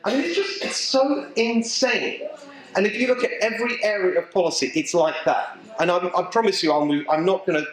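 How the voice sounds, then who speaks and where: A middle-aged Englishman gives a speech to a local political group in an event venue before a live audience, talking a little fast in a voice slightly high for a man. He's emphatic and animated and cracks jokes along the way, while the room rings with heavy echo.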